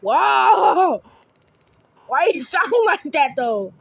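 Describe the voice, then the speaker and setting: Excitable young woman gaming, high lively voice. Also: measured pace, no room sound. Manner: excitable, shouts and screams during the game. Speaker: gaming video creator. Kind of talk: live gameplay commentary. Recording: faint background noise.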